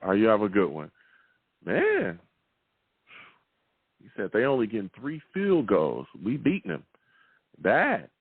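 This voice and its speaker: A man hosting a casual call-in sports podcast, animated and slangy as he hypes up his callers. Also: lowish voice, measured pace, pauses often, breathy edge, dry recording. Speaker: podcast host taking calls. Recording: phone-like line, faint noise.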